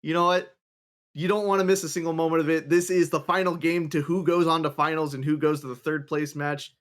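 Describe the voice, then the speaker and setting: A man with a fairly high voice calls a live esports card game. He talks in a chatty, excited way and hypes the coming match. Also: a little fast. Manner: chatty, hyping up the next game. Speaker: esports caster. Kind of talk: live play-by-play commentary.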